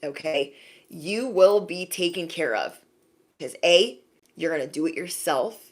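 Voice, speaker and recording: A woman's voice: low-pitched, a little slow. Sassy woman giving a pep talk. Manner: sassy, animated, acts out little scenes. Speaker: intuitive reader. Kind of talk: casual spiritual pep talk to viewers.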